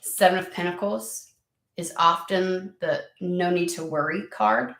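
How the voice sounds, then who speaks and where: A woman's voice: lowish voice, steady tone, a little slow, fairly bright tone, echoey room. A woman giving a casual tarot reading, chatty and rambling, swearing freely and saying "like" a lot. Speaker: tarot reader.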